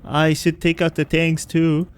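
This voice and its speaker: A man's voice: on the high side, monotone, a little slow. A man streaming a video game, chatting casually and rambling while he plays. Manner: rambling, chatty, often laughing. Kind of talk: casual gameplay chat.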